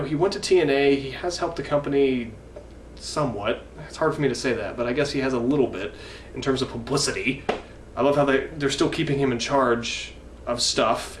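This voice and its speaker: A man's voice: mid-range voice, distant mic. A man in his twenties ranting in a vlog, profane, indignant and rambling. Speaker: wrestling fan vlogger. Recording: echoey room, mic from afar, faint noise.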